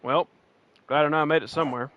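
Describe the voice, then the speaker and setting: Bright-voiced male game streamer. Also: on the high side, steady tone, fast, muffled recording, slight background noise. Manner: rambling, laughs often, talks back to chat. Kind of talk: casual chat while playing and reading chat.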